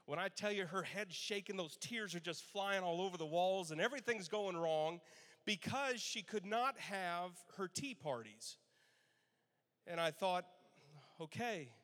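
Pastor guy in his 30s telling stories from the pulpit, high voice, laughing, big echoey church. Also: measured pace. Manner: animated storytelling with laughs and acted-out quotes. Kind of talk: Father's Day sermon storytelling. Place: church sanctuary. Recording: long church hall reverb.

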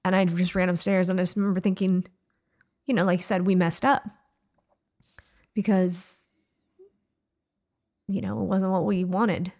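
A woman in her thirties telling a painful family memory in a halting, casual way, with pauses and "like". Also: fairly low pitch, flat delivery, darkish tone. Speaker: wife telling a family story. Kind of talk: emotional personal storytelling.

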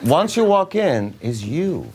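A man with an Eastern European accent, an actor telling animated anecdotes and laughing often while acting out the voices of people in his stories. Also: a little high, takes it slowly. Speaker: actor guest. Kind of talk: animated storytelling.

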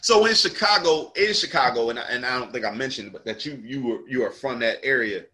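A man's voice: medium pitch, fast talker, pushed and bright. A man hosting a casual interview, laughing easily and repeating words as he starts his questions. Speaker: host.

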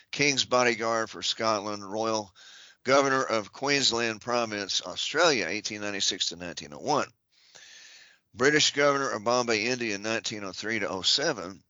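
A man's voice: fairly low pitch, pushed and bright, dry recording, dull audio. A man on a podcast reading out a long list of titles and offices, breaking it up with dry joking asides. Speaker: podcast guest.

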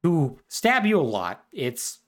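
Brief: male podcast co-host, lively pitch, wry, rambling recap. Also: slow pace. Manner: chatty and wry, full of fillers. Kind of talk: casual plot recap.

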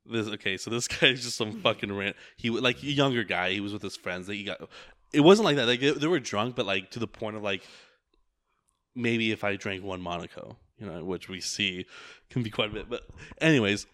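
A man's voice: on the low side, a little fast, fairly bright tone, dry recording, clean studio sound. A man in casual chat who tells long rambling stories and swears a lot. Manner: rambling storyteller, heavy swearing.

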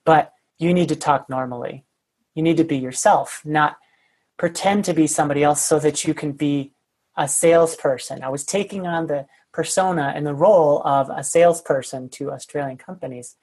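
A woman's voice: sits low, normal speed, darkish tone, husky. A woman guest on a podcast, telling a story in a candid, self-deprecating way with plenty of fillers. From United States. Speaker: guest, sales consultant.

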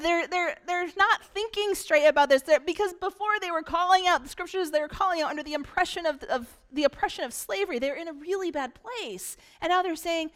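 Woman pastor, high voice, animated, repetitive sermon delivery in church. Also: fairly quick, hardly any pauses. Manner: animated preaching with emphatic repetition.

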